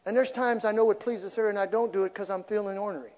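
A man preaching a sermon to his church as pastor, animated and joking between his points. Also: high voice, fast talker. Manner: animated preaching with jokes and asides. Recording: long hall reverb.

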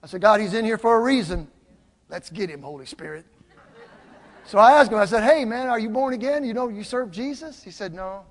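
An older man preaching a sermon, telling stories with lively swings from loud exclamations to quiet asides. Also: extremely high pitch, fast talker. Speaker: pastor. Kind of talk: sermon with storytelling. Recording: long hall reverb.

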